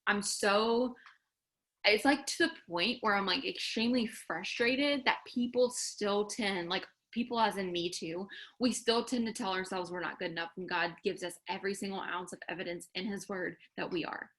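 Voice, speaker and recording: A woman's voice: mid-range voice, normal speed, a bit bright. Earnest woman. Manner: candid, earnest, exhorting, with many fillers. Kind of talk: casual faith pep talk to followers.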